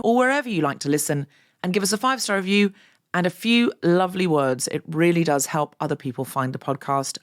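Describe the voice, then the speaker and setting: A woman hosting a podcast, reading upbeat scripted announcements in a chatty, friendly way. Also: lowish voice. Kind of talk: scripted promo read.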